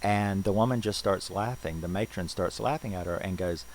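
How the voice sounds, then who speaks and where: Deep-voiced male film reviewer, chatty and rambling, faint hiss on the recording. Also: normal speed, a little mellow, low-quality recording. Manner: loose and rambling, full of "you know"s and restarts. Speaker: movie reviewer.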